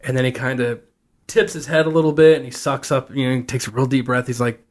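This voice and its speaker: Medium-pitched, steady in tone and quick in pace, a man co-hosting a podcast tells a TV plot at great length in casual conversation. He's a rambling storyteller who voices the characters' lines himself.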